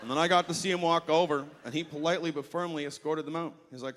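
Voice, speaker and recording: Bright-voiced male stand-up comic. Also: on the high side, quick pace, few pauses. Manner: animated storytelling with acted-out voices. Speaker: stand-up comedian. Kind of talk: stand-up routine. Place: comedy festival stage. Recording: stage recording with long hall reverb.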